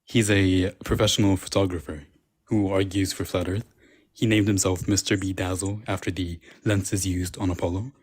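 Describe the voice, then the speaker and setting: A man with a low, husky voice joins a casual live stream. He explains things slowly and with hesitation, with plenty of fillers and restarts. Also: flat delivery. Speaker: stream co-guest.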